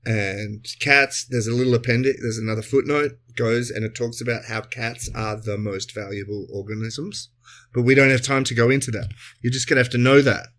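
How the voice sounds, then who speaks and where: A man's voice: medium pitch, steady tone, a little fast, a bit bright. A man co-hosting a comedy podcast, chatty and explaining at length with tangents. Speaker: co-host. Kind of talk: casual comedy podcast recap.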